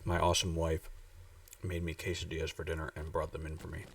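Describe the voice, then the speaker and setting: A man's rumbling low, gravelly voice comes through fast and monotone, distant from the mic with slight background noise. He's streaming a game and chatting casually, thinking aloud and rambling with lots of fillers.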